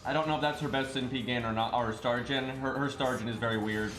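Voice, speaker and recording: A man's voice: medium pitch, steady tone, fast, fairly bright tone, echoey room. A man streaming a game live, thinking aloud in loose casual chat and swearing now and then. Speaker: streamer playing a mobile game. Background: faint game music.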